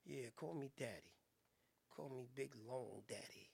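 A man voicing a deep-voiced, smooth male seducer who murmurs low, teasing lines. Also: measured pace, darkish tone, heavily acted. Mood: seductive.

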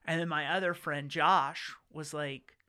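A man's voice: fairly high pitch, fairly even intonation, unhurried, pushed and bright, clean tone. A man, a guest in an interview, telling casual stories in a chatty way, acting out quotes with lots of fillers and restarts. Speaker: interview guest recounting law school. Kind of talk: casual storytelling.

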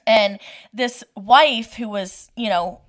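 Animated woman telling stories on a podcast. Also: mid-range voice, slow pace. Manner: animated storyteller, laughs easily. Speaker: podcast co-host. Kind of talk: casual chat.

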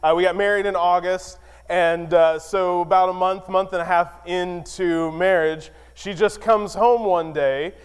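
A man preaching a sermon, telling a personal story in a relaxed, self-deprecating way with lots of fillers. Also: sits high, a little slow, hardly any pauses, clean tone, long reverb tail. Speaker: pastor.

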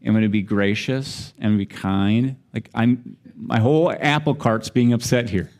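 A man's voice: mid-range voice, moderate pace, darkish tone. Middle-aged male pastor telling a story. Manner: conversational, self-deprecating, laughs while telling stories. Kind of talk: storytelling sermon.

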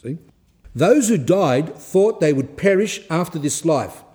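A man with a mellow, fairly high voice gives a religious talk. He reads passages out slowly, then breaks off to explain them in quick asides. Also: lively intonation. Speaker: Orthodox speaker giving a talk. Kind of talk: reading aloud and explaining a saint's life in a talk.

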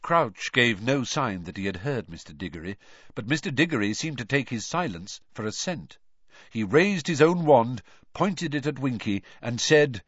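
A man narrates an audiobook with an animated, widely moving pitch and an expressive delivery. The recording is dry, with a dull, lo-fi tone. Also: husky, dry recording. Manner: expressive, lively storytelling. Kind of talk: audiobook reading.

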